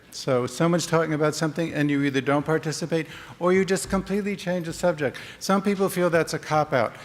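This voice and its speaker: A man giving a conference talk in a conversational way, acting out short example dialogues. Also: fairly high pitch. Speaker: conference speaker. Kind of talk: conference presentation. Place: conference hall. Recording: long reverb of a hall.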